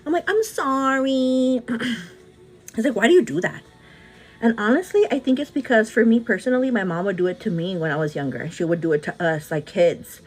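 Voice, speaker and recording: A chatty woman in her thirties talks to her live viewers while getting ready, with an average pitch. She keeps calling everyone "girl" and rambles from one thought to the next in a relaxed, open way. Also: faint music behind. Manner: chatty, says "girl" often, quick asides. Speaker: vlogger answering live chat. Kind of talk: casual chat while doing makeup.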